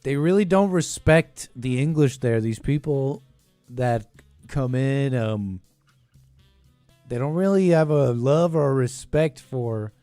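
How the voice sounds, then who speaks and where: A man's voice: mid-range voice, warm tone, dry recording. Dry close-miked male call-in host. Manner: rambling, chuckling, trails off. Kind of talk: casual call-in talk.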